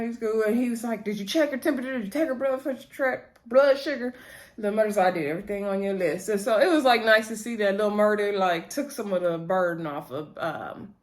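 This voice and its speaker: A woman casually recapping a TV episode, retelling scenes in a chatty way, quoting the characters and laughing often. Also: medium pitch. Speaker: TV recap reviewer.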